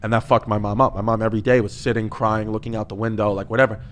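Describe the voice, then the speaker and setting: A man's voice: fairly low pitch, very fast, a little hiss or hum. Man telling a rambling profane story. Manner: animated, profane, rambling with many restarts. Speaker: comedian guest on a podcast. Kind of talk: casual storytelling.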